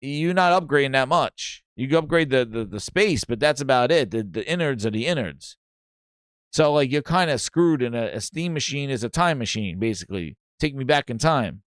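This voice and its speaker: A man's voice: medium pitch, expressive, moderate pace, clear, resonant tone, no room sound, clean studio sound. A man hosting a gaming news show, rambling and mocking in casual chat, with many restarts. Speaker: gaming podcast host.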